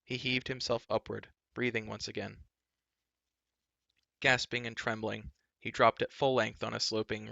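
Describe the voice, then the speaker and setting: Gravelly man reading a storybook aloud. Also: lowish voice, dry recording. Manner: steady, dramatic narration. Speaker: reader. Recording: dull lo-fi recording.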